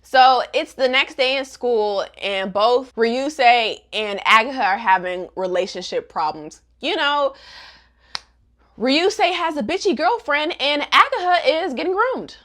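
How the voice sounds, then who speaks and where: A young woman vlogger giving a casual, gossipy recap in an animated, slangy way. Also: high-pitched, measured pace.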